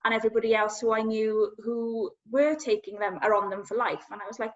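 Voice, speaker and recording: A woman guest telling her personal story in an earnest, halting, self-searching way. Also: fairly high pitch, steady tone. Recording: dull lo-fi sound.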